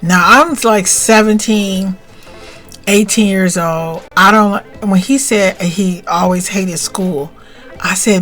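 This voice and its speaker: A middle-aged woman speaking at an ordinary pitch, telling her own story with plenty of feeling. She moves from plain recollection into tearful, heightened passages. Soft music plays faintly behind her. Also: takes it slowly. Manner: emotional, animated retelling with rising pitch and tearful outbursts. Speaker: spiritual vlogger. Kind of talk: personal storytelling.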